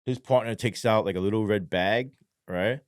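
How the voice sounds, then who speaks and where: Ex-cop podcast guest: low, dry voice, swears constantly, spins an animated story with acted-out quotes. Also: male voice, normal speed, dry recording. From New York. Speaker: podcast guest, former police sergeant. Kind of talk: casual storytelling interview.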